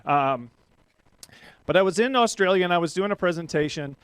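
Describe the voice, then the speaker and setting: A middle-aged man giving a motivational keynote talk to a live audience, energetic and full of rhetorical questions. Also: high-pitched, a little fast, smooth, no room sound. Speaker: professional speaker. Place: event stage before a live audience.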